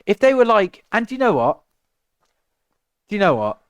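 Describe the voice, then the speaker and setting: A young English musician vents to his livestream chat, firing off rhetorical questions in an exasperated, animated way. His voice is smooth and clear and sits a little high. It is recorded dry and close on the mic. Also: normal speed, no echo. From England. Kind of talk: casual rant to stream chat.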